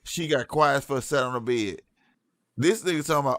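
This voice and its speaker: A man's voice: mid-range voice, brisk, fairly bright tone, no echo, clean studio sound. A man in his forties telling blunt, profane stories in casual podcast chat.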